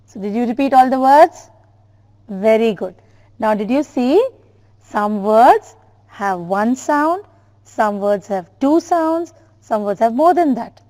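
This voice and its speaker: Woman, teacher, slow word drills, fairly high voice, long reverb. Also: mellow. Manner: slow, careful word-by-word drilling, addressing students. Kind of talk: classroom lesson on syllables.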